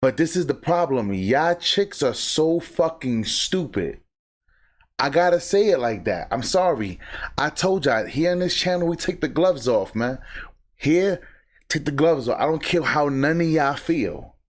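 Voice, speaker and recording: A man's voice: lively intonation, normal speed. A man commenting bluntly on a podcast clip, mocking and swearing as he talks to his audience. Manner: blunt, mocking, sings snippets in a high voice. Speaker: reaction commentator.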